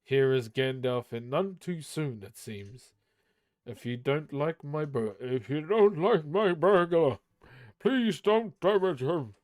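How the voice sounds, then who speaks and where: A man voicing a stern, wise old male wizard in a storybook reading, slow and grave. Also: fairly high pitch, animated, darkish tone, no echo. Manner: slow, grave movie-style delivery.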